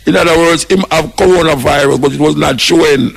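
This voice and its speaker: A man's voice: fairly high pitch, steady tone, fairly quick, vocal fry, breathy edge. An older man with a Jamaican accent, hosting a radio talk show and speaking out with impassioned, preaching commentary, mixing patois and English. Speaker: radio host.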